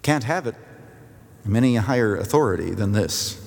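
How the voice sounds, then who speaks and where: A man preaching a sermon as pastor, emphatic and repetitive for force, dropping to a hush at key endings. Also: on the low side, expressive, normal speed, creaky, big-room sound. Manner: emphatic, repeats phrases for force, drops to quiet at endings.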